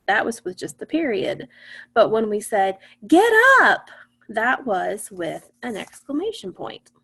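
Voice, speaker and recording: Gravelly-voiced woman teaching phonics. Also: medium pitch, very animated, unhurried. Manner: patient, asks the class questions and answers them. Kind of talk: online phonics lesson.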